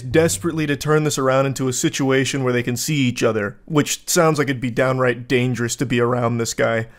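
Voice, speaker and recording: A man's voice: mid-range voice, fairly even intonation, quick pace, few pauses. A man giving sarcastic, exasperated commentary while reading out text messages, often breaking into laughter.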